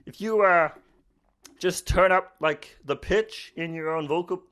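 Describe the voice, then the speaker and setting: A woman's voice: on the low side, unhurried, fairly bright tone, pitched above the performer's own voice. A woman doing an impression of a cheerful male frog puppet, with a nasal, honking voice. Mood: chatty. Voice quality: nasal honk.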